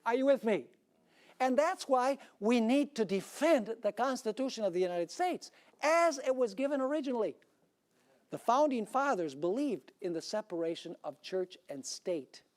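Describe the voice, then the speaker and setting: A man preaching a sermon with conviction. He presses his points hard and keeps turning to the congregation with rhetorical questions. His delivery is steady and emphatic. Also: very high-pitched, moderate pace. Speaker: pastor.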